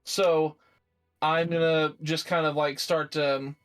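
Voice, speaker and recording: Halting, higher-voiced man playing a tabletop game. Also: flat delivery, a bit bright, clear, resonant tone, faint music behind. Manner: halting, many fillers and restarts. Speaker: player. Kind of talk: casual tabletop game chat.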